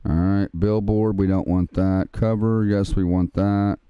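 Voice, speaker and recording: A gaming livestream host walks viewers through the controls of a farming game in a casual, chatty way, calling them man and dude. His lowish voice is steady and measured, clean in tone, on a dry, muffled recording.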